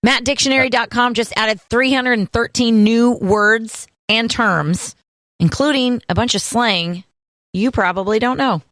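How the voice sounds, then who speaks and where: A woman co-hosting a radio show, running through items in a brisk, list-reading way. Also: on the high side, a bit bright, no echo, faint music behind. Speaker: radio co-host. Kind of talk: morning radio show chat.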